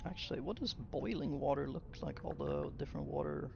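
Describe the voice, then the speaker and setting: A young game streamer talks slowly and half to himself as he works, with a heavily gravelly, fry-laden voice. He chats casually with his viewers between tasks. The audio is dull and lo-fi, with faint music under it. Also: on the high side, wildly swooping pitch. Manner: muttering to himself while building, chatting to viewers. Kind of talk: casual gameplay commentary to chat.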